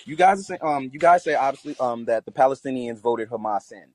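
A man's voice: mid-range voice, animated, a little fast, no echo. A man co-hosting a casual podcast chat, ranting loosely with lots of fillers and swearing. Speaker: podcast co-host.

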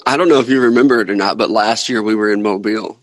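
A man's voice: on the low side, fast talker, rough recording. A man hosting a sports podcast, chatting casually and joking around with his co-host. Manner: joking, rambling banter.

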